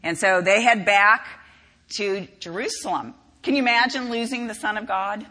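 A woman's voice: medium pitch, normal speed, bright, forceful tone. A woman preaching a sermon in a conversational, storytelling way with frequent asides, recorded in a large hall. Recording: reverberant hall.

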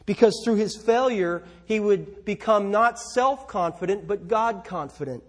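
Preacher, male, high husky voice, emphatic sermon delivery with rhetorical questions. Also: a little slow. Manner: emphatic, rhetorical questions, swings between loud and soft.

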